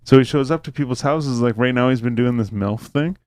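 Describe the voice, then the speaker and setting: A man chats on his podcast with a smooth, resonant voice. He tells a rambling story full of swearing and fillers. The sound is dry and close, with no room around it. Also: mid-range voice, fairly quick, a little mellow, dry recording. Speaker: podcast host. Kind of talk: casual podcast chat.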